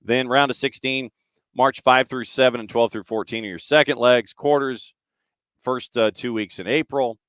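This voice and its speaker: Male podcast host, brisk rundown of dates, casual, dry close mic. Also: medium pitch, steady tone, a bit bright, no room sound. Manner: brisk, rattles off dates and lists, reads listener comments. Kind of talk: casual chat and news rundown.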